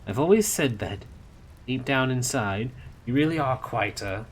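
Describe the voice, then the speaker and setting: A man's voice: medium pitch, expressive, unhurried, a little hiss or hum, pitched above the performer's own voice, lightly acted. A man voicing a prim, fussy male angel who speaks reproachfully. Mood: fond.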